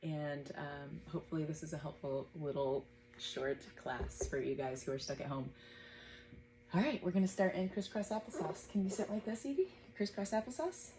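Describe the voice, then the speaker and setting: A woman in her thirties teaching a gentle yoga class at home, guiding breaths patiently and encouragingly. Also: low voice, animated, moderate pace, a little hiss or hum.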